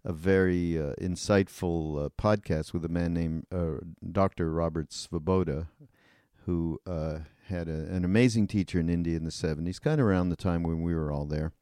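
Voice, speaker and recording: An older man hosting a podcast, talking hesitantly with many filler pauses. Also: deep voice, fairly even intonation, warm tone, clear, resonant tone, no echo, clean studio sound. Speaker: podcast host. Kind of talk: conversational interview.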